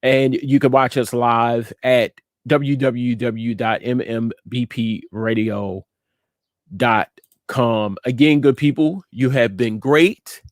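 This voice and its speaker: A man hosting a live studio show, giving a slow, repetitive, emphatic word of encouragement and signing off to viewers. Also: medium pitch, fairly even intonation, no room sound. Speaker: host and inspirational speaker. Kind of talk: encouraging message and show sign-off.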